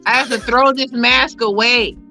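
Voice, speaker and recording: A woman's voice: fairly high pitch, fairly even intonation, moderate pace, vocal fry, sharp tone, soft background music. A woman co-hosting a casual podcast chat, throwing in joking asides. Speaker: podcast co-host. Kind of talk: casual movie review chat.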